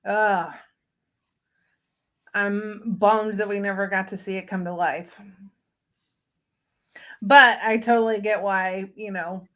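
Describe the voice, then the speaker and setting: A woman's voice: medium pitch, fairly bright tone. A woman guest on a casual live-stream chat whose tongue is swollen, so her speech sounds thick, as if her mouth were full. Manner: candid fan opinions, short agreeing replies.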